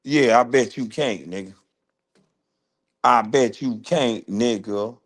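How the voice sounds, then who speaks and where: A man, ranting in a loud, taunting roast, firing repeated questions and laughing often. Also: medium pitch, takes it slowly. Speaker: host. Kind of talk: roast rant.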